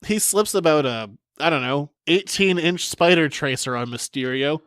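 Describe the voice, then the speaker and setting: Guy on a podcast mic, kinda high voice, dry close sound, snarky and laughing a lot. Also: lively intonation, normal speed, a bit bright, clean tone, no echo. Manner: sarcastic, laughs often while recapping. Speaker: podcast co-host. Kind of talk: casual podcast chat.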